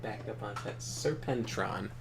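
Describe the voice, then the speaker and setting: A young man chats while he plays a game on stream, swearing freely as he tells animated stories. His voice sits at an ordinary middle pitch, and faint noise hums behind him. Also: normal speed. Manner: animated storytelling, swears often. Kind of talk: casual chat while gaming.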